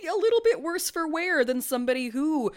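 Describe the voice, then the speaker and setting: A woman's voice: high-pitched, big pitch swings, a little fast. A woman co-hosting a podcast in casual chat, talking animatedly, swearing freely and laughing often. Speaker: podcast co-host.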